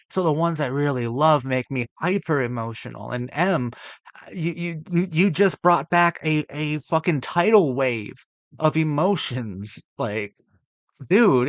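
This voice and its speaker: A young man reacting to a movie ranking, swearing often and swinging between loud exasperated outbursts and low muttering. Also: dry recording. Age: young adult. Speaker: film reaction vlogger. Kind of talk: ranting reaction to a movie list.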